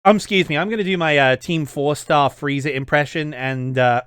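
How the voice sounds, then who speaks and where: A man's voice: a little high, moderate pace, few pauses, a bit bright, clear, resonant tone, no echo, clean studio sound. A young Australian man giving casual reaction commentary as a history YouTuber, ranting in an exasperated, sweary way.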